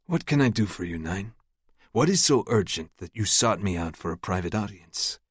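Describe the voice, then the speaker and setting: An older crime boss with a thick Brazilian accent, as a male narrator puts him on. His voice sits low and controlled, with cold menace under every word. The read is dry and close, with no room around it. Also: lively intonation, a little fast, husky, no echo. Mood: cool. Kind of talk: audiobook narration.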